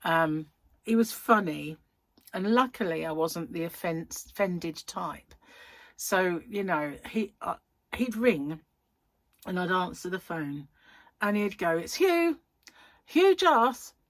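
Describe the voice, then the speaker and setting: Chatty woman, low-voiced. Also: takes it slowly, dry recording. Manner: chatty, giggly, self-interrupting storyteller. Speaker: crochet channel host. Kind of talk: casual chat, rambling anecdote.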